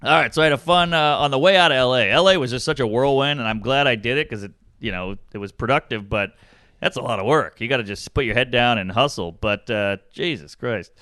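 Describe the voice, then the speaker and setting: A man's voice: medium pitch, fairly quick, bright, forceful tone, dry recording, studio quality. A man co-hosting a comedy podcast, telling bawdy, self-mocking stories in casual chat. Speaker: podcast co-host. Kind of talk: casual chat, comic storytelling.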